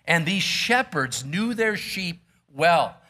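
Man, pastor, sermon, reads verses then explains, bright clear tone, slightly high voice. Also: sing-song, takes it slowly. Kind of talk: sermon reading and explaining scripture.

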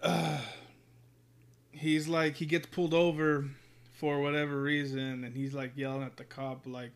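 A man's voice: a little high, level tone, measured pace, clean tone. A man in casual chat as a podcast co-host, swearing freely, laughing often and telling anecdotes.

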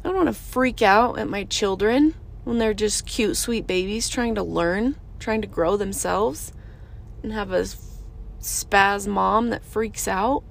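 A woman's voice: mid-range voice, measured pace, vocal fry. A woman in her thirties hosting a casual monologue, earnest and emphatic, repeating short phrases. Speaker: podcast host.

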